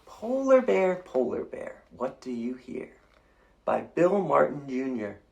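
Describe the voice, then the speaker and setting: A man's voice: medium pitch, animated, measured pace, vocal fry, darkish tone, muffled recording. A man reading a picture book aloud to children, playfully inviting them to make animal sounds along with him. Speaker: storytime reader.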